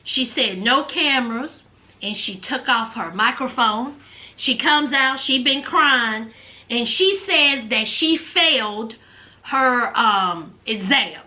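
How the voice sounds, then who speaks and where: A woman recaps a reality show in a sassy, chatty way. Her voice is high and bright. Her pitch swings widely, and she speaks slowly. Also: expressive. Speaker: vlogger.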